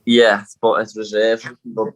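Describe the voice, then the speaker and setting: A man's voice: fairly low pitch, completely flat delivery, a little slow. Blunt young man with a Scouse accent. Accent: Liverpool Scouse. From Liverpool, England. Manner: blunt, swears, calls people "lad". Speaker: guest, fighter. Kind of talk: casual chat.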